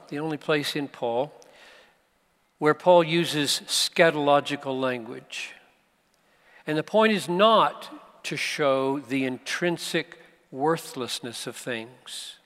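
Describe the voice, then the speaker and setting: A man preaching a sermon at a conference, slow and emphatic, with dramatic pauses. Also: a little high, a bit bright. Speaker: pastor. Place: large conference hall. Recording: live hall recording with long reverb.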